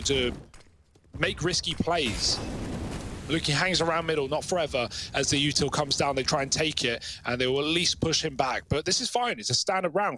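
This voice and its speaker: Male esports caster, bright sharp tone, slightly high, excitable play-by-play. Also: a little hiss or hum. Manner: excitable, fast reactions. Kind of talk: live play-by-play commentary.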